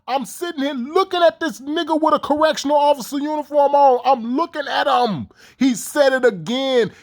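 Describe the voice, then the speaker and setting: A man ranting in a heated, profane, repetitive way. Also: extremely high pitch. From Chicago. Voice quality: fast, heated, repetitive delivery. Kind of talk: profane conspiracy rant.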